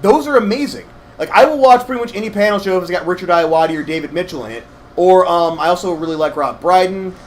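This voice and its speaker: A young man co-hosting a game playthrough, rambling through animated stories with lots of fillers. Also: sits high, quick pace. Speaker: let's play co-host. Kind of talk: casual gaming chat.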